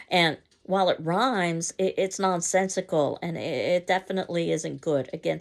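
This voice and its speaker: A woman delivers a class lecture in a lowish voice with a gravelly edge. She explains patiently, pausing on fillers and correcting herself mid-sentence. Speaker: teacher.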